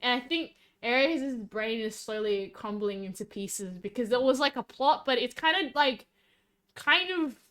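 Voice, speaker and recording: An Australian woman streaming, chatting casually and rambling, quick to laugh. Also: on the high side, animated, fairly bright tone. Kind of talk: casual live-stream chat.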